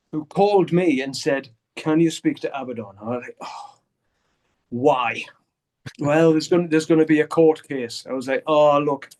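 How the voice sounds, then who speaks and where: A man's voice: a little high, darkish tone. An older man, a guitarist, telling a candid story in an interview over a video call, blunt and swearing often as he acts out what others said.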